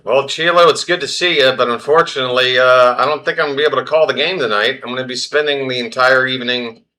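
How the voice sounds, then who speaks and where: A man hosting a baseball livestream, flustered and self-deprecating, muttering his way through the play-by-play. His voice is bright and forward, pitched at an everyday middle. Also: steady tone, quick pace. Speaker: baseball stream host. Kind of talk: casual live play-by-play.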